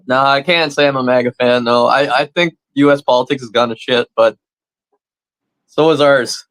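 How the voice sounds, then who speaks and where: A man's voice: mid-range voice, steady tone, moderate pace, a bit bright, no echo, poor audio. A Canadian man co-hosting a comedy podcast, talking bluntly and swearing freely in casual chat.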